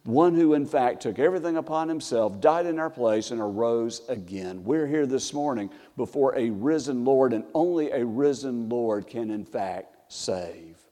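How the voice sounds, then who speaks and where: A man's voice: normal speed, hardly any pauses. Earnest preaching man in a reverberant church. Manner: earnest preaching, rising for scripture, dropping low and soft. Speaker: pastor. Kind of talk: sermon. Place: church sanctuary.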